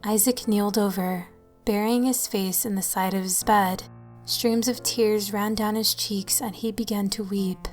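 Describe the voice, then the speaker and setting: Woman storyteller, steady even read, mid pitch, soft music bed. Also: a little slow. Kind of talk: scripted horror narration. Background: faint music.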